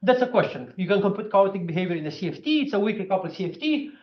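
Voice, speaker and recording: A man giving a physics seminar talk, animated and full of fillers like "you know". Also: sits high, very fast. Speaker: physics speaker. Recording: echoey room, dull lo-fi sound.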